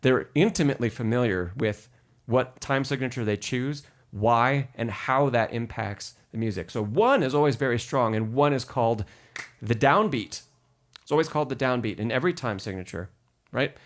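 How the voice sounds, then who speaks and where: A man's voice: mid-range voice, moderate pace. A man teaching piano in a live-stream lesson who patiently explains rhythm, counts beats aloud and answers chat questions.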